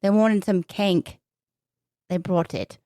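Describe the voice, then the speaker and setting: A woman's voice: mid-range voice, slow, mellow, no echo. A woman co-hosting a casual podcast, reading a crime report while attempting a shaky British accent. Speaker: co-host, crime news segment presenter.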